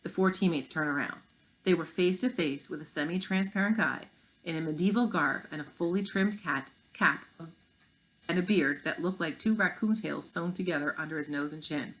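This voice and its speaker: Low-voiced woman reading a children's novel aloud. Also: moderate pace, fairly bright tone, low-quality recording. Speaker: teacher.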